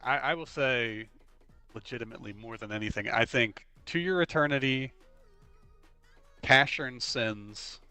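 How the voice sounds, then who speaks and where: A young man chats on his stream and rambles through stories. He says "like" at every turn and acts out lines as he goes. His voice is bright and forward, and the sound is dry, with faint music underneath. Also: mid-range voice, a little slow, pauses often, clear, resonant tone, no room sound. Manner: rambling, leans on the filler "like"; animated storyteller who acts out quotes. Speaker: livestream host. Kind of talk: casual chat while streaming.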